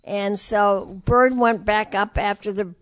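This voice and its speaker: An older woman from Detroit, a jazz singer telling stories in an interview, animated and acting out the voices of the people she quotes. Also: mid-range voice, slow, no echo. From Detroit, USA. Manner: lively storyteller who acts out quoted voices. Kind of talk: storytelling interview.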